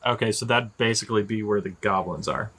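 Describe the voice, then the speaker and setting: Bright-voiced male game master. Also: on the low side, brisk, a little hiss or hum. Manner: loose, chatty narration with fillers. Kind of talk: narrating a tabletop game.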